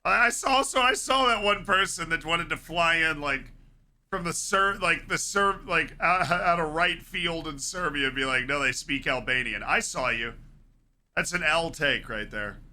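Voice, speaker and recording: A young man with a very bright, forceful voice that sits a little high, chatting casually with his viewers during a live football match. He rambles between asides and bursts into excited yells at big moments. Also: normal speed. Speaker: streamer watching a live match. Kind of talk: casual live reaction commentary.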